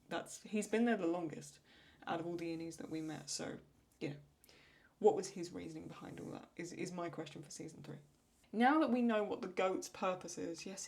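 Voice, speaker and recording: A woman answers viewer questions in a loose, conversational way. Her voice sits a little low, and she often restarts sentences as she works out her thoughts. She laughs as she retells lines that amused her. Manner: thinks aloud with restarts, laughs when retelling funny lines. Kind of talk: casual Q&A chat.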